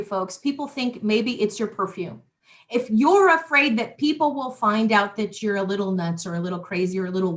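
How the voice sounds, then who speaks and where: A woman in casual spiritual chat, animated and repeating herself as she talks. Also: a little high. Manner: animated, repeats words, quick asides; former police worker talking spiritual tools.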